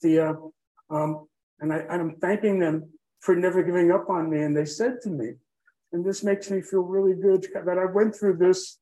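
Man, guest storyteller, warm dark tone, rambling and emotional. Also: high voice, steady tone, moderate pace, poor audio. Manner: rambling, drifts off track, many fillers. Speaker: podcast guest telling his own story.

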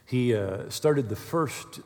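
A male pastor preaching a sermon, telling stories with animated bursts of quick speech. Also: medium pitch, big-room sound. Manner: animated storyteller, speeds up when excited.

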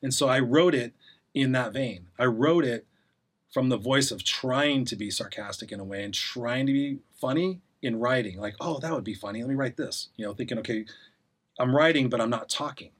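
A man's voice: mid-range voice, husky. A man talking as a podcast guest, telling a long story in a blunt, sarcastic way with many restarts. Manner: fast, rambling storyteller with frequent restarts. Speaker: podcast guest, life coach. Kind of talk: casual conversation.

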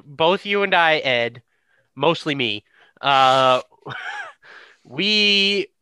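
A man's voice: fairly high pitch, huge pitch swings, extremely slow, bright, forceful tone, clean tone, dry recording. A man hosting a casual chat, easygoing and hesitant, with many fillers as he asks the others for their statements. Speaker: podcast host, moderator.

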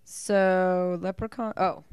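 A woman's voice: on the low side, fairly even intonation, takes it slowly, darkish tone, smooth, no room sound, clean studio sound. A Scottish woman co-hosting a podcast, chatting casually about a movie, teasing and laughing often. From Scotland. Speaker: podcast co-host. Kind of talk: casual movie commentary chat.

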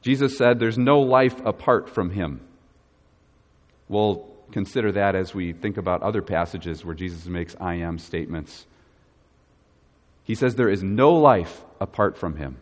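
A man's voice: low voice, a little slow. Man preaching in a reverberant church. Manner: earnest preaching with repeated questions to the congregation. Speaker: pastor. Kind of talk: sermon.

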